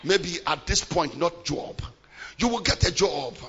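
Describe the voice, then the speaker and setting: A middle-aged man preaching a sermon in a large church hall, swinging between shouted declarations and hushed, low-voiced passages. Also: lively intonation, a little slow. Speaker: pastor. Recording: muffled live church recording with long reverb.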